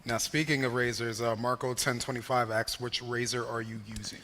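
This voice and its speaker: A man's voice: medium pitch, level tone, brisk, sharp tone, a little hiss or hum. A man co-hosting a casual live show, reacting playfully and reading out a viewer's question. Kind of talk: casual chat.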